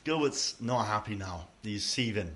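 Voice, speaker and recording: A man's voice: fairly low pitch, lively intonation, unhurried. A man acting as game master, narrating a tabletop game in a casual, joking way. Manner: casual, jokey, switching into loud villain shouts.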